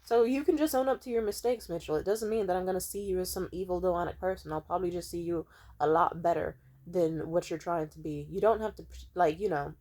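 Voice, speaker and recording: A woman's voice: lowish voice, fast talker, dark tone. A young woman venting in a heated, profane rant, retelling an argument with quoted back-and-forth dialogue. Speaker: vlogger.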